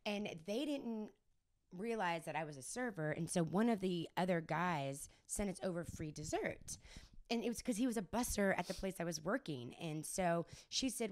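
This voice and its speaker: A young woman with a raspy voice, a guest singer-songwriter telling her story in a casual interview and laughing often. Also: on the low side, lively intonation, moderate pace.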